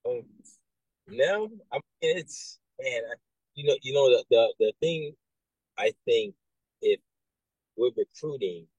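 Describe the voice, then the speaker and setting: A man working as a military recruiter, talking casually and telling animated stories with many restarts and asides. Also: mid-range voice, slow, pauses often, slightly rough, no echo, rough recording. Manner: animated storyteller, acts out quoted voices, many restarts and "right?". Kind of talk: casual conversation.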